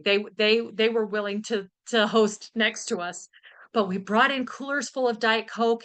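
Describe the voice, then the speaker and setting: A woman's voice: medium pitch, fairly bright tone. A woman telling a personal story in a talk, candid and earnest, with frequent ums and restarts. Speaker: speaker.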